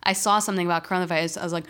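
A young woman in a casual chat, expressive and swearing freely, with quick reactions. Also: on the low side.

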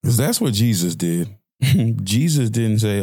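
A man's voice: on the low side, sing-song, slow, dark tone, slightly rough, no room sound, studio quality. A young man hosting a podcast, delivering an impassioned audio-diary rant with lots of repeated phrasing. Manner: impassioned ranting, repetitive phrasing. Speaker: podcast host.

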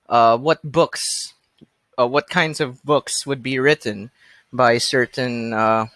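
A man hosting a podcast in casual chat, talking in a halting way with many fillers and restarts. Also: mid-range voice, pushed and bright, no room sound. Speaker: podcast host.

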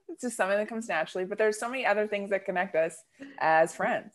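A woman's voice: medium pitch, fast. A woman hosting a podcast, chatting casually with her guest, playful and laughing often. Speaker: podcast host. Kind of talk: casual chat.

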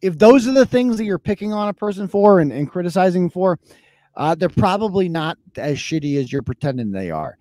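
A man's voice: high-pitched, animated, brisk, mellow, no room sound. A man in his thirties hosting a live podcast, ranting in a casual, profane and mocking way. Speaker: podcast host. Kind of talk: casual live-show rant.

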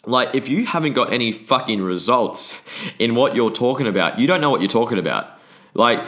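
In a lowish, fairly bright voice, a man hosting a podcast speaks bluntly in a casual monologue. He swears frequently and often restarts.

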